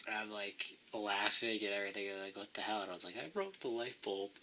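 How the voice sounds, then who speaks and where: A man's voice: fairly low pitch, quick pace, hardly any pauses, pushed and bright, a little hiss or hum, low-quality recording. A man hosting a casual late-night chat, rambling through anecdotes with crude jokes while groggy from cold medicine. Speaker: podcast host.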